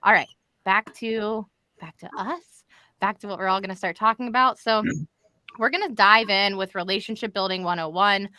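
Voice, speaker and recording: A woman's voice: medium pitch, moderate pace, pushed and bright, no room sound. A woman hosting a live stream from home, chatty and upbeat, calling the viewers y'all. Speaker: host of a live show. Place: home in Florida.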